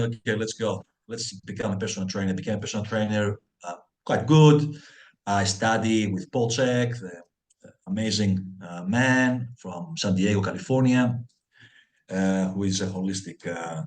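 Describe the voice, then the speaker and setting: A middle-aged man from Greece, a guest on an interview podcast, telling his life story with lots of fillers and acted-out dialogue. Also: on the low side. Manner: animated storyteller acting out dialogue, many fillers.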